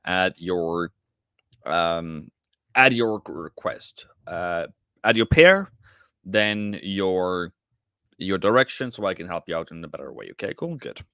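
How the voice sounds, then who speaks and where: A man's voice: low-pitched, very animated, slow, a bit bright, clean tone, dry recording, studio quality. A man hosting a casual live trading stream, chatting directly with viewers and calling them mate and brother. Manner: chatty, addresses viewers directly, many restarts.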